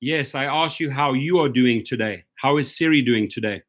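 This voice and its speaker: A man's voice: mid-range voice, normal speed, fairly bright tone. A man hosting a casual live stream for drivers, upbeat and chatty, greeting viewers by name.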